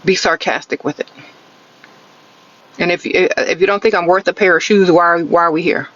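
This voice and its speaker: A woman with a lowish, steady voice gives blunt, sassy dating advice on a live stream from her car, speaking at a normal speed with a fairly bright tone. She's sarcastic, often ends her points with a teasing "okay?", and leans on the catchphrase "sprinkle, sprinkle." The phone is held close, and the sound is lo-fi.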